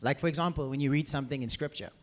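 A man preaching to a congregation, energetic and playful, asking the audience questions. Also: medium pitch, racing. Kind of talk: teaching sermon to a congregation. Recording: reverberant hall.

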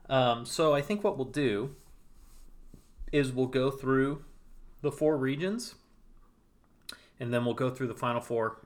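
A man co-hosting a podcast, chatting casually and rambling with many fillers. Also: mid-range voice. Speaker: podcast co-host.

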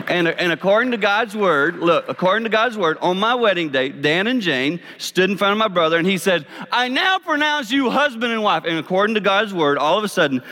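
A man in his fifties with a South Carolina accent gives a folksy, animated sermon with an object lesson. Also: sits high. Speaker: speaker. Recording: long reverb of a large hall.

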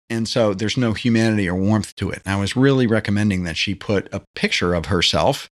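A man hosting a solo podcast on branding, talking in a conversational, animated way and firing off rhetorical questions. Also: fairly low pitch.

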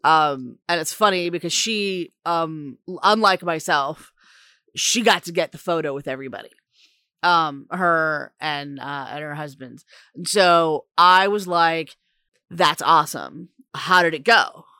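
A woman co-hosting a podcast in casual chat, telling stories haltingly with lots of ums, likes and laughter. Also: low voice, pushed and bright, clear, resonant tone, no room sound, studio quality. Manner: giggly, halting storyteller full of ums and likes. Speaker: podcast co-host.

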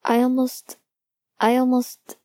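A woman's voice: high-pitched, completely flat delivery, takes it slowly, mellow, voice pushed up. A woman voicing a young man who is tearful and overwhelmed with love, his voice choked and breaking. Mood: hesitant.

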